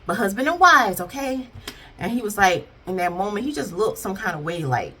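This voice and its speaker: A woman's voice: medium pitch, fairly quick, noisy background. A woman chatting casually through a recap of a TV episode, playfully acting out what she would say to the characters. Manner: animated, playfully voices the characters in asides. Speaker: TV series reviewer.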